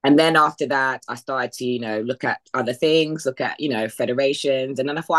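A woman's voice: very deep voice, fairly even intonation, moderate pace, fairly bright tone. A woman from the United Kingdom, a podcast guest, telling her story casually and acting out past conversations with lots of fillers. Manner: retells past conversations in quoted voices, with frequent fillers and laughs. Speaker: podcast guest, bodybuilding athlete.

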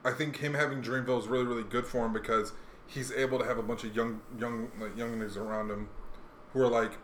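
A young man hosting a podcast, chatting casually in a rambling, animated way with lots of fillers. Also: mid-range voice, fast talker. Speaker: podcast host. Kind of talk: casual chat. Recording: echoey room, faint noise.

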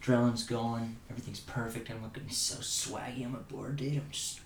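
In casual podcast chatter, a young co-host laughs his way through a meandering daydream story. He speaks a little fast, with a medium pitch and level tone, and the audio sounds roomy with a faint layer of noise.

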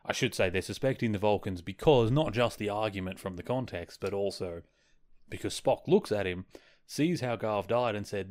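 A man's voice: lowish voice, normal speed, a little mellow. A man hosting a podcast alone, recapping an episode in a casual, rambling way, full of "like" and "you know" and amused asides. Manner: rambling, filler-heavy, amused. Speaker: podcast host.

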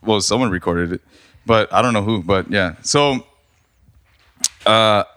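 Young guy cohosting, sharp bright voice, dry close sound, jokes around. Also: fairly low pitch, a little slow, smooth, dry recording. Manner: joking, emotional storytelling, swears casually. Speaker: podcast co-host. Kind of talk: casual chat.

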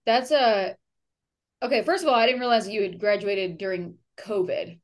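Foul-mouthed excitable woman podcast host. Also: medium pitch, moderate pace, a crowd in the background. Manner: profane, blunt and excitable. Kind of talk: casual podcast chat.

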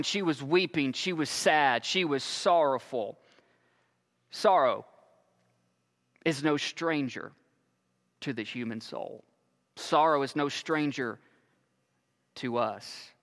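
A man preaching slowly and earnestly, leaving long pauses between phrases. His voice sits a little high for a man. The sound carries a long hall reverb. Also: fairly bright tone. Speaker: pastor. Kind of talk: sermon.

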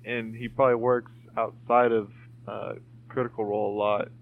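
A man's voice: fairly low pitch, flat delivery, normal speed. Rambling man on a tinny call line. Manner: rambling, swears casually, many fillers. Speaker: podcast co-host. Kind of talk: casual chat. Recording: tinny phone-like call audio.

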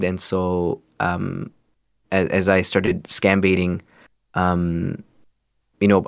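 A man's voice: low voice, dry recording. A man speaking as a podcast guest in a casual interview, earnest, rambling and self-conscious.

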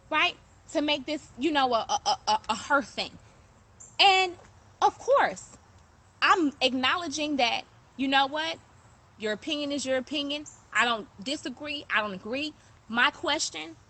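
A woman's voice: high voice, sharp tone. A woman hosting a show, talking to her listeners in a passionate, emphatic monologue and repeating phrases to drive her points home. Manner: conversational, thanks commenters mid-talk. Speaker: podcast host.

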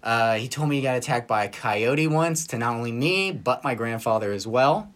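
A man's voice: medium pitch, expressive, normal speed, fairly bright tone. A young man co-hosting a podcast, casually telling a story and swearing freely. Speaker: podcast co-host. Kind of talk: casual chat.

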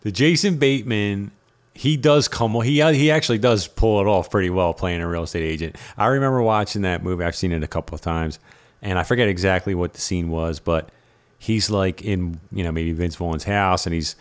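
A man's voice: low-pitched, a little fast. A man co-hosting a casual chat, a real estate agent who tells stories animatedly and laughs at his own anecdotes.

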